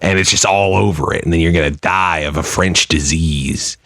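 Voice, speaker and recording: A man's voice: sits low, normal speed, a bit bright, no room sound, clean studio sound. A man co-hosting a podcast in casual chat, jokey and swearing freely. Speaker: podcast co-host.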